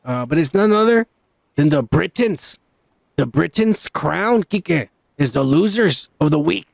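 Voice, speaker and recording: A man's voice: a little high, expressive, a little slow, vocal fry, dry recording. A man hosting a casual podcast, rambling and swearing, often repeating himself. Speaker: podcast host. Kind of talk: casual drunk podcast banter.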